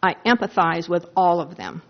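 A woman's voice: fairly low pitch, normal speed. Emphatic woman in her sixties, lo-fi. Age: 60s. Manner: earnest, emphatic, rhetorical questions. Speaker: advisory board member at a city meeting. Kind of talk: public comment at a meeting. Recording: dull lo-fi meeting recording.

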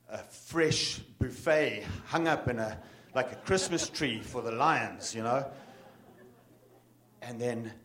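A man telling a vivid story to an audience. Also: on the low side. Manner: vivid, dramatic storytelling with bursts of emphasis. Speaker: bird guide and author giving a talk. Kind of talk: live storytelling talk. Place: talk in front of an audience.

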